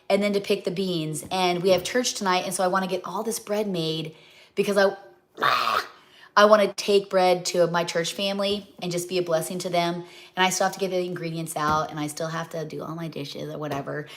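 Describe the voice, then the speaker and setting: Her voice is mid-range: a middle-aged home cook and cookbook author running a casual livestream. She rambles, keeps losing track of what she was saying, and speaks sincerely, straight to her audience.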